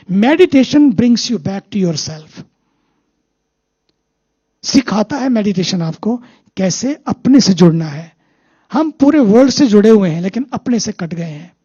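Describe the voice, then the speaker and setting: A spiritual teacher with an Indian English accent gives a talk built on anecdotes, repeating key phrases slowly for emphasis. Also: medium pitch, dark tone, husky, no echo, dull audio.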